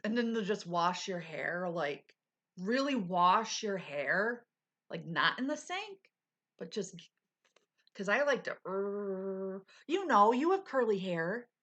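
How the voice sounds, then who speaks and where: A woman's voice: medium pitch, sing-song, slow, fairly bright tone. A middle-aged woman hosting a casual livestream, chatting candidly with viewers and laughing often while she recovers. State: recovering, low on energy. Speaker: livestream host. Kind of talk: casual live chat with viewers.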